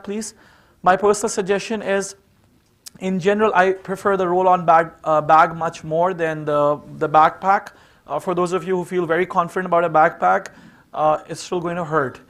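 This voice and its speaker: Man, high voice, informal seminar talk, conversational, lots of fillers. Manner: conversational, full of "you know" fillers. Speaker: seminar speaker.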